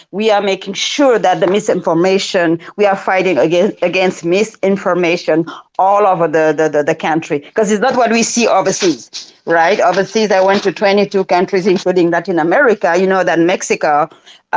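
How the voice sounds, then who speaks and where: A woman in her forties with a Senegalese accent, speaking as a guest activist in a casual roundtable, halting and repeating words, often laughing. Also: fairly low pitch, a little mellow. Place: online audio room.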